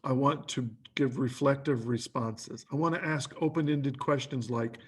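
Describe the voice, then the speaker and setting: A man's voice: medium pitch, fairly even intonation, normal speed, breathy edge. A man giving a training lecture who talks in lists of short questions and acts out quoted lines.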